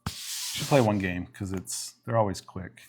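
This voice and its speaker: A middle-aged man casually chatting on a livestream while opening trading cards, relaxed and rambling, often breaking off mid-sentence. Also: deep voice, measured pace, soft background music.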